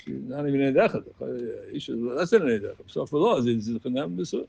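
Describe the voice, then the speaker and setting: A man leading a Talmud study group, explaining the text in an animated voice and chanting quoted passages in a sing-song. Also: mid-range voice, fast, creaky, breathy edge, muffled recording. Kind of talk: Talmud class teaching.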